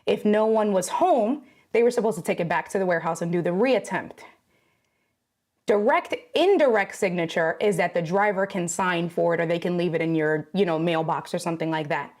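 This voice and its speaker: Out of breath, a woman talks directly to her live-stream audience in a chatty way, reading their comments as they come in. Her voice is on the low side and a little mellow, and she speaks fairly quickly.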